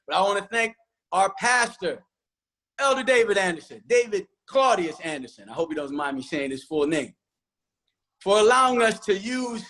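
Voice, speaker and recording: A high-pitched man speaks as a church choir director. He runs through a long list of thanks, moved and a little rambling, and keeps circling back to names. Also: fairly bright tone, slight background noise. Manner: emotional, rambling acknowledgements. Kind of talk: virtual panel thanks.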